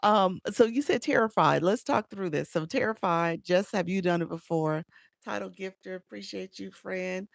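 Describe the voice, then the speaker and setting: A woman with a Chicago accent runs a casual live-stream coaching session, laughing often and calling out viewers by name. Her voice has a gravelly, fried texture, and the sound is close and dry with no room echo. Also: medium pitch, normal speed. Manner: chatty, laughs often, reads out viewer names.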